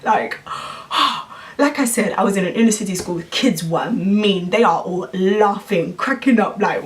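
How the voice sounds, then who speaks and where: A woman, telling an animated story to camera in a vlog. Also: mid-range voice, a little slow, far from the mic. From London, England. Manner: animated, acts out quoted voices. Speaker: vlogger.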